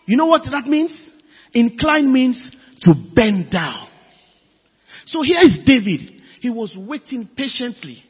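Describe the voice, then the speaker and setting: A man preaching a sermon in an emphatic, animated way, with sudden loud bursts. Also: extremely high pitch, slow, pauses often, slightly rough. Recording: dull lo-fi audio with long hall reverb.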